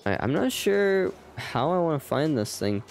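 A young man's creaky, higher-pitched voice swings widely in pitch as he streams a game live at a moderate pace. He rambles, pokes fun at himself, and chats with viewers, with faint game music behind him.

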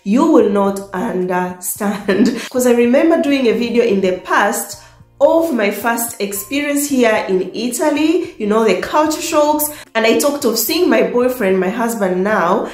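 Young woman from Tanzania, personal storytelling vlog. Unhurried delivery, frequent laughter. Echoey room, soft music bed. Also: a little high, animated. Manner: warm, laughs often, emotional at times. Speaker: vlogger.

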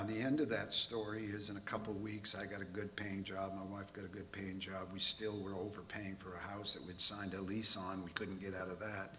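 A man preaching in a church, his low voice carrying a bright, forceful edge. He tells a personal story candidly, poking fun at himself as he goes. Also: a little hiss or hum. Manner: candid, self-mocking storytelling.

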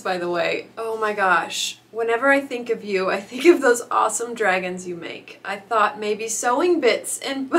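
Woman vlogger, young adult, tearful, gushing, slow speech, higher voice. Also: bright, forceful tone. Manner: tearful, gushing, halting restarts. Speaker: author vlogger. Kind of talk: casual vlog chat.

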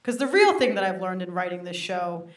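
Speaking slightly fast in a lowish voice, a woman in her 30s works a live comedy crowd with self-mocking stories. She's animated and often breaks off to talk directly to the audience. The venue recording sounds roomy.

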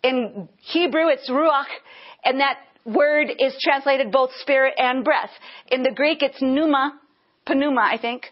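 A woman teaching a Bible lesson earnestly, breaking into bursts of praise. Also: high-pitched. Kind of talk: teaching sermon. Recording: dull lo-fi sound.

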